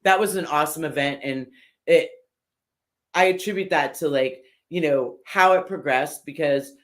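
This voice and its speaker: Older woman, interview guest, lively storyteller, acts out what others said, frequent "um" and "uh", casual and unpolished. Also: deep voice, normal speed. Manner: animated storyteller who acts out what others said, with many fillers. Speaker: guest, custom motorcycle builder.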